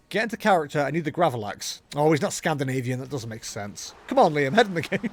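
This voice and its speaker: Lively rambling streamer guy. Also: fairly high pitch, quick pace, hardly any pauses, a little hiss or hum. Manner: rambling, joking, talks himself into ideas. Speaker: game streamer. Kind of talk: casual live-stream chatter while gaming.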